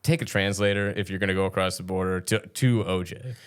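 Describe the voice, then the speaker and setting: Low-pitched man, rambling, swears freely, casual podcast chat. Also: brisk, clear, resonant tone. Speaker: podcast co-host.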